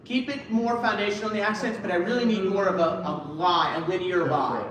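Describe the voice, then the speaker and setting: Man choir director, high tenor voice, coaching singers and singing demonstrations, recorded from afar in a very echoey room. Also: brisk, fairly bright tone, slight background noise. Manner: counts off beats and sings phrases to demonstrate. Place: church choir rehearsal room. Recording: echoey room from far off with music.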